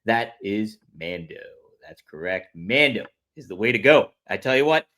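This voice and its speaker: A man's voice: lively intonation, moderate pace, pushed and bright. A man, a podcast co-host, chatting and doing an upbeat, jokey ad read. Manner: upbeat, jokey pitchman in ad reads. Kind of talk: casual chat and ad read.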